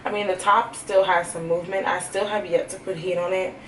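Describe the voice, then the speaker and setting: A woman's voice: fairly low pitch, steady tone, brisk, distant mic, slight background noise. A young woman and hairstylist talking candidly to camera in a casual vlog, chatty and full of "like". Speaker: hairstylist and vlogger. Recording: roomy echo, faint music.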